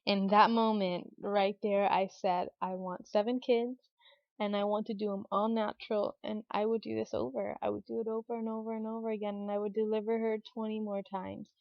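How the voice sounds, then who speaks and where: A woman's voice: mid-range voice, little pitch movement, normal speed, creaky, dry recording. A young woman and new mother telling a personal story in a casual, chatty way, with lots of fillers, lifting her voice when she quotes herself and others. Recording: dull, lo-fi recording.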